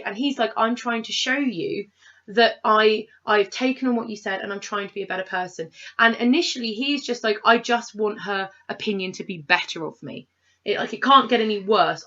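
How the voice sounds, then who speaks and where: A woman's voice: medium pitch, fairly bright tone, lo-fi sound. A woman co-hosting a casual review chat, animatedly acting out characters' lines as she rants. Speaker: podcast co-host reviewing a film.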